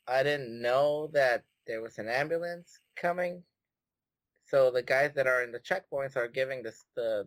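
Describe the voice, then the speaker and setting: A man co-hosting a podcast, telling an animated story full of swearing and acted-out quotes. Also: mid-range voice, dry recording. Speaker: podcast co-host. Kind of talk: casual chat.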